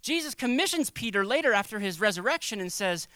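A man preaching a sermon as a pastor, conversational and animated, acting out little quoted voices. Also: high-pitched, fast talker, hardly any pauses, smooth, no echo.

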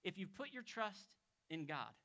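A man who is a pastor, preaching a conversational expository sermon to a congregation, moving between emphatic raised points and soft, hushed passages. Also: high-pitched, very animated, unhurried. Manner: storytelling, acting out quoted people.

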